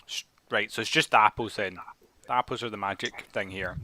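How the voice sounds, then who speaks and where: A man's voice: on the low side, fairly quick, no room sound. A young man playing a tabletop game, who talks casually and jokes around with the others. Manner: lively, laughing, joking. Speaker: player.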